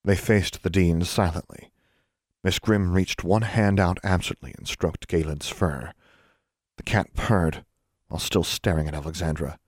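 An audiobook narrator, male, reads a scripted story in a steady, even manner. His voice is deep and his pace normal, captured with clean studio sound and no room noise.

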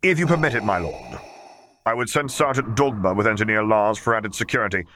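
A man voicing a poised male admiral who speaks calmly and formally in a raised voice. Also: fairly low pitch, a little hiss or hum, pitched above the performer's own voice. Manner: calm, formal, measured.

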